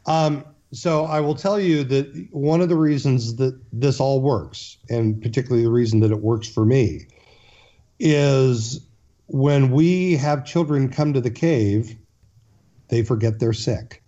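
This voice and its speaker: A man's voice: mid-range voice, a little slow, dark tone, dull audio. A man, a guest in an interview, telling a long story earnestly, with frequent restarts and fillers.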